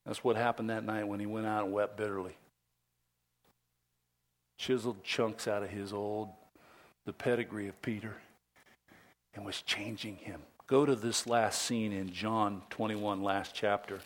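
Dramatic preacher man, whisper to loud. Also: lowish voice, little pitch movement, measured pace, pauses often. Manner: dramatic, drops to whispers and rises to loud emphasis. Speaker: pastor. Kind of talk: sermon.

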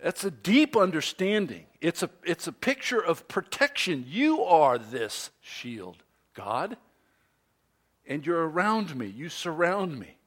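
A man preaching a sermon, swinging from loud, emphatic stresses to soft, low asides. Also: very animated. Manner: slow, deliberate delivery with pauses. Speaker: pastor.

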